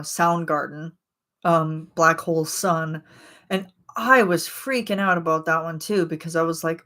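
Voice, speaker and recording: A woman in her thirties chats casually with her stream viewers. She rambles and giggles through her stories, and her voice sits slightly low. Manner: rambling, giggly, animated retelling. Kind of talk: casual chat.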